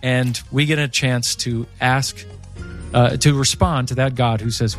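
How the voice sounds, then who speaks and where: A man who is an author and guest on a faith radio show, telling stories in an animated way and acting out the quoted voices. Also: mid-range voice, moderate pace, soft background music.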